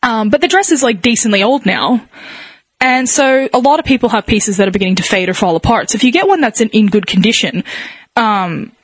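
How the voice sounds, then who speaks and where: A woman's voice: fairly high pitch, lively intonation, a little fast, slightly rough, no room sound. A woman explaining a hobby in casual chat, with many fillers and light laughs.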